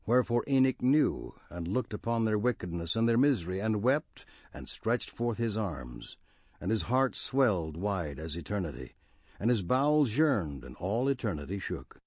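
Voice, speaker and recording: A man reading scripture aloud in a measured, reverent cadence. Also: lowish voice, darkish tone, no room sound. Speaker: scripture reader.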